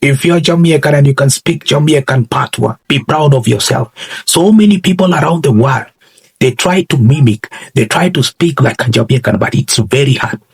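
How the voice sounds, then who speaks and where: A man gives his commentary with emphatic, repetitive phrasing and keeps calling out to his viewers. His voice is very husky and breathy, in a mid range for a man. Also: mid-range voice, expressive, moderate pace. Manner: repeats "ladies and gentlemen", emphatic and preachy. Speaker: commentary channel host. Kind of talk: reaction commentary to camera.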